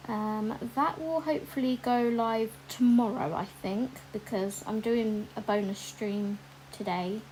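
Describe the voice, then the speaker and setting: A woman's voice: fairly high pitch, a little slow, hardly any pauses, darkish tone, a little hiss or hum, low-quality recording. A woman chatting casually while colouring on a livestream, with lots of ums and asides to viewers reading their comments.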